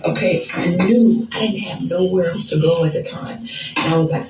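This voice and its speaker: An American woman telling a casual story in an animated, slangy, chatty way. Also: fairly low pitch, moderate pace, roomy sound, soft background music, low-quality recording. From United States. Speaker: storyteller in a social media clip.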